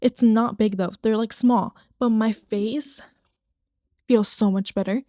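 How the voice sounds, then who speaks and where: A woman's voice: fairly high pitch, fairly even intonation, takes it slowly, mellow, no room sound, clean studio sound. A young woman hosting her own podcast, rambling casually and swearing now and then into a microphone at home. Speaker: podcast host. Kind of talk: casual solo podcast chat. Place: home, recording to her computer screen.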